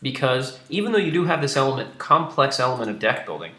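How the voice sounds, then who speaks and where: Bright-voiced man explaining his game. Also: medium pitch, sing-song, fast talker, roomy sound. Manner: explains game mechanics while playing, many fillers. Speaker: game designer streaming gameplay. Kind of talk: casual live-stream commentary.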